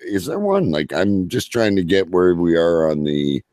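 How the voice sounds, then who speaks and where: A man's voice: deep voice, lively intonation, moderate pace, darkish tone, dry recording, clean studio sound. A Canadian man on a livestream podcast as a guest, chatting casually in a joking, self-deprecating way.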